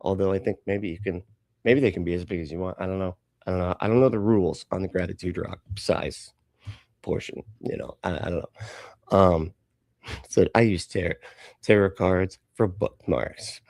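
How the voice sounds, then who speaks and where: A man hosts a live stream in casual chat, cracking sarcastic jokes and laughing a lot. His voice sits low and has a gravelly, fried texture. The sound is dry and close. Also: moderate pace, a little mellow, no room sound. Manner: joking, sarcastic, laughs often; greets chatters by name. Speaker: host of a reaction stream.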